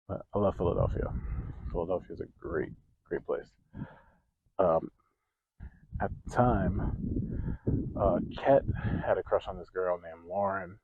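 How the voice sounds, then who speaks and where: A young man telling stories from his life in a casual vlog, animated, laughing and growing loud when excited. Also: low voice, measured pace, pauses often, husky, dry recording, narrow, tinny audio. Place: outdoors.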